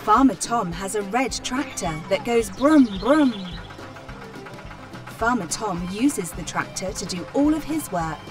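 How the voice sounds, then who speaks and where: A woman reading a children's farm story aloud, plainly and clearly. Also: mid-range voice, expressive. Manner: slow, clear, plain reading with animal sounds. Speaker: storybook reader. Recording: voice from a distance, music behind. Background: children's music.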